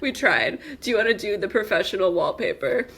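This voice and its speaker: A woman's voice: medium pitch, lively intonation, fairly quick, vocal fry, a bit bright, slightly rough. A woman co-hosting a podcast, talking in a giggly, playful way. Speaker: podcast co-host. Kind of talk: casual podcast chat.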